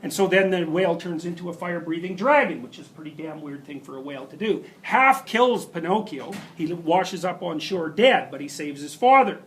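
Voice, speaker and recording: High-voiced emphatic male lecturer. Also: lively intonation, fairly quick, few pauses, slight background noise, poor audio. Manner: emphatic, storytelling with asides and rhetorical questions. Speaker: university lecturer. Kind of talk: classroom lecture.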